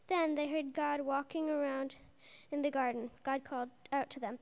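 Woman, high pitch, reading a children's Bible story at a family church service; lively storyteller. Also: normal speed. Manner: lively storyteller doing character voices.

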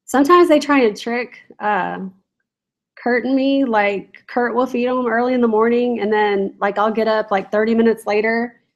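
A woman's voice: a little high, fairly even intonation, moderate pace, low-quality recording. A woman chatting casually on a home live stream, giggling and reading viewer comments aloud. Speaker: reseller vlogger. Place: home, in a room with barking dogs.

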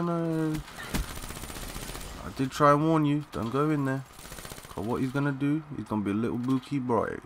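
A young man giving excitable, swearing live commentary while playing a shooter, calling out to teammates in slang. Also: mid-range voice, slight background noise. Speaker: gaming channel host.

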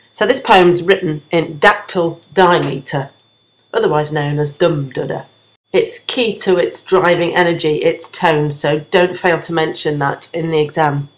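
Woman teacher explaining poetry, roomy sound. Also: on the low side. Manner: clear, explanatory, sings out the rhythm. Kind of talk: exam revision lesson.

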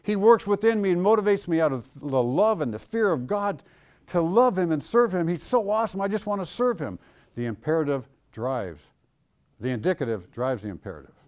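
A middle-aged man preaching to a room of students, lively and theatrical. He jumps high and loud when he acts out a quote, then drops low and hushed, and he keeps poking fun at himself. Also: a little fast. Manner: animated, acts out quoted voices with big swings in pitch and loudness; jokey, self-mocking storyteller. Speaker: pastor. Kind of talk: teaching a class on Christian doctrine. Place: classroom or church hall with students.

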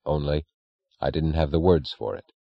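A man's voice: very deep voice, normal speed, gravelly, no room sound, full character voice. A man voicing a hard, terse male industrialist who speaks in a clipped, contemptuous way, in an audiobook reading. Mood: guarded. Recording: dry, dull lo-fi recording.

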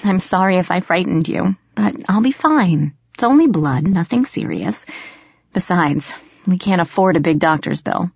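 Hurt mother downplaying her injury, read by a woman narrator: low, plain voice, hurried instructions, dry close recording. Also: lively intonation, gravelly, a little mellow, husky, dry recording, heavily acted. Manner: brushing off concern, giving hurried instructions. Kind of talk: audiobook narration. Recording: slightly dull lo-fi audio.

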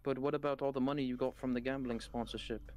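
A man's voice: mid-range voice, flat delivery, fast, dry recording, pitched below the performer's own voice, lightly acted. A man voicing a whiny young man who begs to get his lost game money back. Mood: pleading. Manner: pleading, then shouting.

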